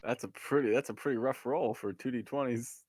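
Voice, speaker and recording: A man playing in a tabletop game, making quick, amused remarks. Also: medium pitch, fairly even intonation, a little mellow, a little hiss or hum. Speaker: player. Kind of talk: casual chat at a tabletop game.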